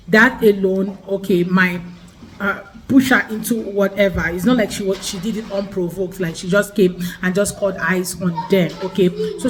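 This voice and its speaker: Woman from Africa, measured chat. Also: medium pitch, slight background noise, rough recording. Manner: measured, often adds "okay?". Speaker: co-host. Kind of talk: casual commentary chat.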